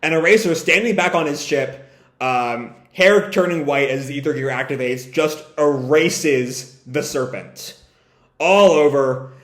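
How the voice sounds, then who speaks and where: Animated man reacting to a manga. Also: a little slow, roomy sound. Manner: reads dialogue aloud with raised pitch, swears casually. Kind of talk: live manga reading and reaction.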